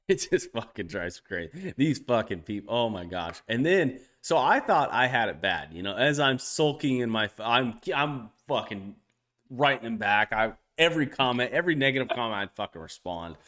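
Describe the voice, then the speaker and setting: A man co-hosting a podcast, telling stories in casual chat with lots of swearing. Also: moderate pace. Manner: profane, animated storytelling, jumps high when quoting others. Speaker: podcast co-host.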